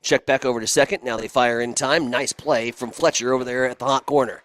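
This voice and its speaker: A man calling baseball play-by-play in a relaxed, chatty way, trading remarks with his partner. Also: mid-range voice, brisk. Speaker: play-by-play announcer.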